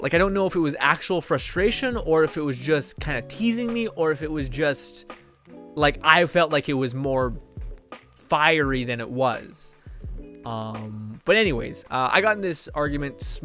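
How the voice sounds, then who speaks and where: A man's voice: mid-range voice, a bit bright. A man and streamer in a casual monologue, rambling and swearing as he gets heated, often mimicking other people's lines. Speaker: streamer talking to viewers. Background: faint background music.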